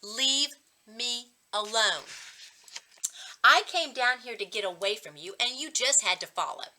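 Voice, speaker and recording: A sulky, hot-tempered young boy snaps back at his sister, as a woman reading a storybook puts him on. The voice is bright and sharp, with short, cross retorts. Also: on the high side, animated, a little slow, full character voice, poor audio. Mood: angry. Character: angry sulky young boy, older brother.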